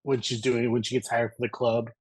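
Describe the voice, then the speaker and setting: Husky-voiced man, casual podcast guest. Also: mid-range voice, a little fast, no echo, rough recording. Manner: relaxed, many fillers like "like" and "you know". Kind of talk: casual chat.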